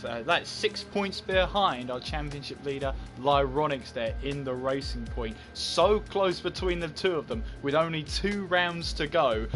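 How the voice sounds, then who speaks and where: A man hosting live esports racing commentary in an upbeat, energetic presenting manner. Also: fairly high pitch. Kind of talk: live race broadcast commentary.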